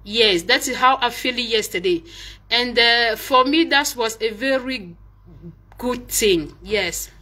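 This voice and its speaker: A woman's voice: fairly high pitch, slow pace, bright, forceful tone. A woman whose first language is French, speaking hesitantly in a casual message and switching between English and French with many fillers. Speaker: vlogger speaking to a fellow live-streamer.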